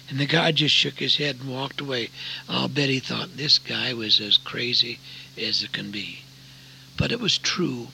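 An older man preaching a sermon, telling his own story with deep emotion and sometimes dropping to a whisper. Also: very animated, normal speed, gravelly, sharp tone, a little hiss or hum, low-quality recording. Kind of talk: sermon testimony.

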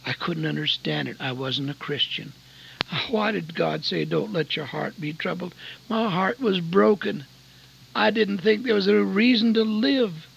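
A man preaching a sermon with personal testimony, dropping to hushed near-whispers and then rising to loud, fervent preaching. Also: sits high, unhurried, creaky. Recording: dull lo-fi recording with faint hum.

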